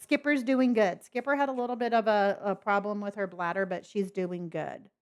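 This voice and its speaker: A woman's voice: mid-range voice, steady tone, moderate pace, smooth. Chatty Californian woman streamer. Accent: slight Southern lilt mixed with neutral Californian. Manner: chatty and friendly, talks to pets and chat. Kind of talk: casual live-stream chat with viewers.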